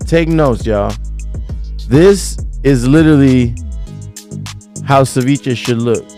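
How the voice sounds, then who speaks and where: Give me a young man vlogging about a trip, loose and excitable, with faint music behind him. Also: medium pitch, slow. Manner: slangy and excitable, whoops loudly; swears casually, many fillers. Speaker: vlogger describing a food trip. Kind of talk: casual chat over photos. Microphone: studio mic.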